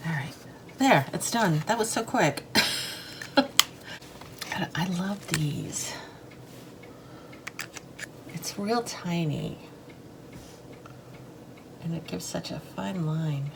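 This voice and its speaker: A woman with a lowish voice talks casually as she draws and colors, rambling and unsure of herself, trailing off with fillers. A faint hiss sits under her voice. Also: animated, extremely slow, creaky, pauses often. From United States. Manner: rambling, self-deprecating, hesitant with fillers; talks while drawing and coloring. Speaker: art vlogger. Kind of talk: casual chat while drawing.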